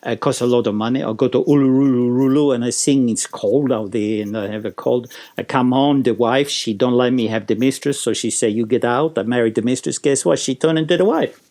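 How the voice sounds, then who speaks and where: Role: a man doing a sulky tenor, broken English, complaining and deadpan. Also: medium pitch, a little fast, close to an everyday voice. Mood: grumpy grumbling. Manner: complaining, clipped broken grammar. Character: grumpy famous male opera tenor, broken English.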